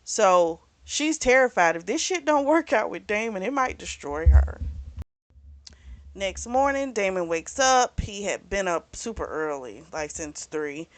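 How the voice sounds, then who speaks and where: A woman's voice: medium pitch, lively intonation, a little slow, dry recording. A woman hosting a book club channel, retelling a romance novel's plot in casual chat full of "like" and "you know".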